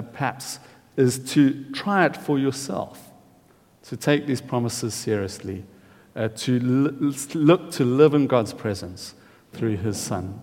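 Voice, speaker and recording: A man preaching an evening sermon, emphatic and pausing often on fillers. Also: mid-range voice, a little mellow. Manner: emphatic, with frequent filler pauses. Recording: long hall reverb.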